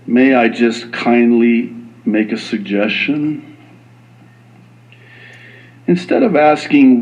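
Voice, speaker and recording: A man preaching a sermon as a pastor, animated and slipping into quoted voices. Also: medium pitch, slow, pauses often, rough recording.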